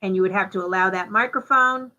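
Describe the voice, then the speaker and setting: A woman giving a live software demonstration, talking through each step in a chatty way with fillers. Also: mid-range voice, fast talker, highs cut off. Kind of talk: live software demo walkthrough.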